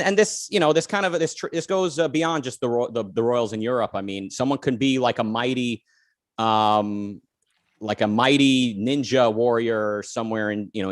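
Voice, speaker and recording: A man's voice: mid-range voice, no room sound, clean studio sound. An American man co-hosting a talk show, chatting casually with many fillers and restarts and reading out viewer comments. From United States. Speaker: podcast co-host.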